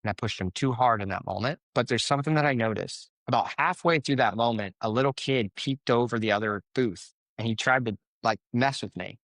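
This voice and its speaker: A man's voice: mid-range voice, fairly quick, hardly any pauses, fairly bright tone, dry recording. A man, a coach, speaking as a podcast guest, telling stories and giving life advice in an earnest, motivational way. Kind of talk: conversational podcast interview.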